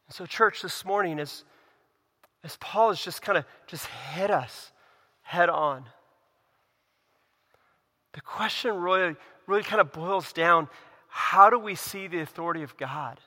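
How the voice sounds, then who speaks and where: A male pastor delivers an earnest sermon in a church sanctuary. His voice is a bit high for a man and bright, with a forceful edge. Long reverb trails each line as he moves from loud emphasis to hushed, low statements. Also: a little slow, pauses often.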